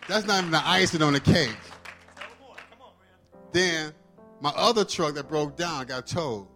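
A man's voice: on the high side, a little slow, pauses often, sharp tone, faint music behind, a faint crowd. A man preaching a testimony sermon, telling his story casually and acting out the dialogue.

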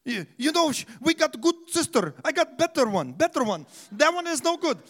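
A man's voice: very high-pitched, sing-song, moderate pace, a bit bright, pitched above the performer's own voice, full character voice. A man voicing a pushy older father with a Middle Eastern accent who bargains insistently in broken speech. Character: pushy older father offering his daughter.

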